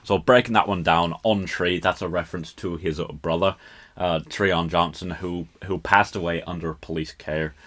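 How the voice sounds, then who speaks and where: A man's voice: low-pitched, fairly even intonation, normal speed, a bit bright. A Scottish man hosting a podcast, casually talking through a rap song and laughing at his own accent. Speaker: podcast host.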